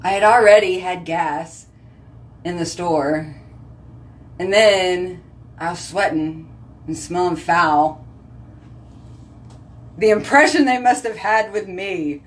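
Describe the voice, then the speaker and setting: Thirties woman, casual vlogger, teasing and rambly, slightly low pitch. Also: slow pace, pauses often. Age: 30s. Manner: sassy, joking, rambling. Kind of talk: casual chatty vlog.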